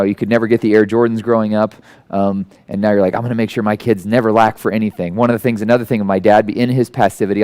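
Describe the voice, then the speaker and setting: A man in his forties preaching in a relaxed, story-driven way. He is animated and self-deprecating, slipping into quoted voices as he goes. His voice sits at an average pitch for a man. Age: 40s. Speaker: guest preacher. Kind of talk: conversational sermon storytelling.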